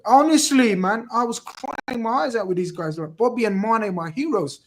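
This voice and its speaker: A middle-aged man chatting casually about football as a podcast host, animated and emphatic, swearing often. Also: high voice, normal speed.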